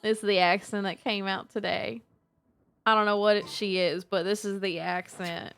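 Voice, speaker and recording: A woman's voice: medium pitch, fairly even intonation, creaky, a bit bright, smooth, soft background music. A woman putting on a clumsy country cowgirl accent while chatting on a live stream, stumbling and restarting as she talks. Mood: playful. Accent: put-on Southern US country. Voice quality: self-admittedly clumsy put-on twang, halting.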